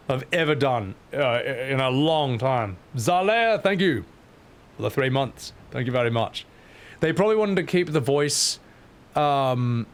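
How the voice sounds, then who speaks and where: A man's voice: medium pitch, animated, measured pace. A man streaming a game, commenting with crude jokes and self-mocking asides over faint music.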